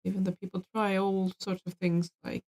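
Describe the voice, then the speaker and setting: A woman co-hosts a live question-and-answer chat and reads questions out to her partner. She talks in a frank, offhand way and swears casually. Her voice sits in a middling pitch. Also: level tone, normal speed, a little mellow. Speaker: co-host reading viewer questions.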